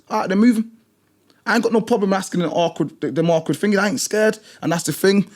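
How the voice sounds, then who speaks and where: A British gym instructor talks in an emphatic, blunt way, hammering points home by repeating them. His voice sits a little higher than most men's. He tells his stories with drive and conviction. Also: expressive, quick pace. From Britain. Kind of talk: passionate storytelling in conversation.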